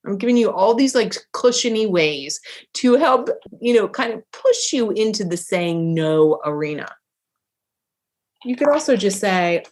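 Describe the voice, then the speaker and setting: This middle-aged woman speaks at a measured pace and medium pitch in an animated, emphatic motivational talk as a life coach. She often acts out little pieces of dialogue.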